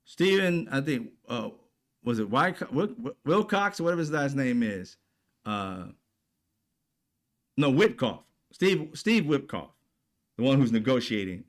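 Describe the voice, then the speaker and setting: A man's voice: mid-range voice, sing-song, unhurried, long pauses. A man delivering an indignant, heavily profane political commentary rant, peppered with rhetorical questions to his audience. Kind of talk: ranting commentary.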